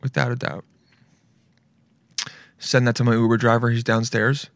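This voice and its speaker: A man hosting a solo podcast in casual chat, loud and excitable, rambling and swearing freely. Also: mid-range voice, unhurried, long pauses, dry recording. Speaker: podcast host.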